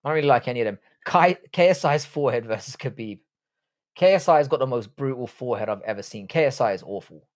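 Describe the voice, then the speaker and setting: Blunt, sweary young streamer. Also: male voice, medium pitch, animated, quick pace. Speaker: livestream host. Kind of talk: casual live-stream chat reading viewer comments.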